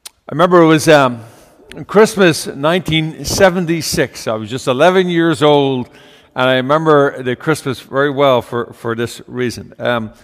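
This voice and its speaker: Older preacher with a long hall echo. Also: male voice, mid-range voice, normal speed. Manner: folksy, with fillers and asides. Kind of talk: storytelling homily.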